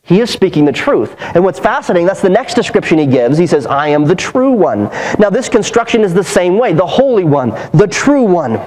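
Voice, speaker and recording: A man delivers a sermon from the pulpit, his voice sitting noticeably high for a man. He preaches earnestly and with emphasis, stacking repeated phrases to drive each point home. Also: big pitch swings, a little fast, few pauses, darkish tone, low-quality recording. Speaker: pastor. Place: church sanctuary.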